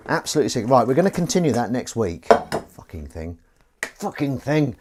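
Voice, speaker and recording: A livestream host with a sweary, grumbling manner chats casually to his viewers while scrubbing pans at the kitchen sink. His medium-pitched voice is sing-song and brisk, and the audio is very noisy.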